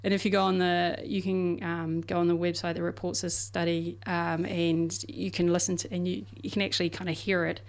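A woman's voice: fairly low pitch, level tone, a little fast, hardly any pauses. A woman co-hosting a casual science podcast, explaining research in a chatty way with everyday examples and frequent fillers.

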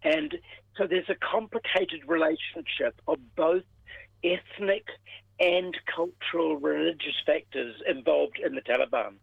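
An older man speaks as a guest on a radio show, his voice somewhat high and delivered in a measured, explanatory way. He comes down a tinny phone line with a dry sound, like an academic patched into a live programme. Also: lively intonation, vocal fry, dry recording. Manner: measured, explanatory, with pauses and fillers. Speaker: professor emeritus, regular radio guest. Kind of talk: radio interview over the phone.

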